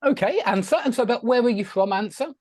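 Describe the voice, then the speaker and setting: A man's voice: very high voice, quick pace, no room sound, clean studio sound. A man teaching an online English class over a video call, friendly and chatty, asking his students questions.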